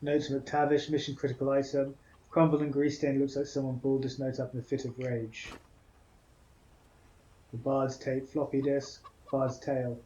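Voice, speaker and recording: A man's voice: mid-range voice, level tone, fairly quick, mellow, muffled recording, a little hiss or hum. A man hosting a game let's play, reading dialogue choices and commenting in a matter-of-fact way.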